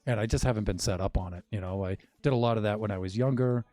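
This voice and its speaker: A man's voice: on the low side, fast talker, dark tone, dry recording, faint music behind. An older man streaming a game, chatting in a rambling, wry way with self-mocking asides. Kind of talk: casual gameplay chat.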